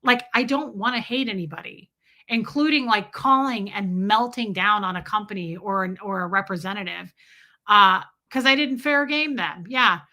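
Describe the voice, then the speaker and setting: A woman's voice: medium pitch, normal speed, bright, forceful tone. A young adult woman hosting a casual livestream, chatting emphatically and reading viewer super chats. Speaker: livestream host.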